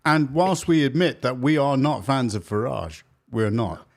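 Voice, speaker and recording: A man's voice: mid-range voice, unhurried. A man co-hosting a casual political chat, asking questions and steering the talk. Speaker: podcast co-host.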